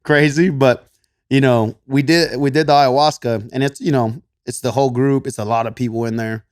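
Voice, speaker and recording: A man's voice: mid-range voice, moderate pace, dry recording. Texan guy on a podcast, easygoing storyteller, laughs a lot, dry close mic. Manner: laughs often, swears, quotes himself in animated voices. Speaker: podcast guest, gym coach. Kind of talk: casual storytelling.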